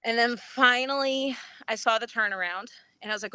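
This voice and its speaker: A woman on a live podcast, telling a story with lively energy, acting out what people said and laughing often. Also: fairly high pitch, moderate pace, a little hiss or hum. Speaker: podcast guest. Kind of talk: excited race recap.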